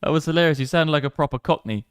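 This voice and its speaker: A man's voice: on the high side, rapid-fire, smooth, no echo, clean studio sound. A man hosting a live crypto trading stream, chatting with swearing, hyped banter. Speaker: livestream crypto trader.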